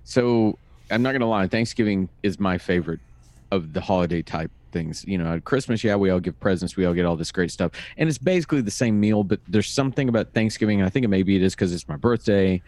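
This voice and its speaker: A man's voice: low-pitched, quick pace, a little mellow, no echo. A man in his fifties, co-hosting a podcast from home, telling stories in a wry, dry casual chat. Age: 50s. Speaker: podcast co-host. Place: home recording room.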